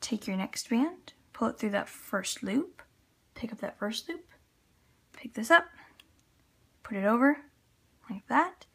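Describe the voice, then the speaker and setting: A woman's voice: fairly high pitch, expressive, slow pace, gravelly, long pauses, slightly rough. A woman with a Canadian accent, chatting casually as she talks viewers through a loom craft step by step. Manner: chatty, talks while working with hands, little laughs. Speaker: loom tutorial host. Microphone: camera on tripod at table.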